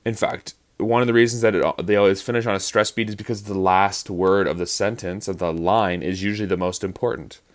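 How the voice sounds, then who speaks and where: A man's voice: low-pitched, steady tone, fairly quick, few pauses. A man teaching actors about verse rhythm in a lecture, explaining patiently and counting out beats to show stress. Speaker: acting teacher.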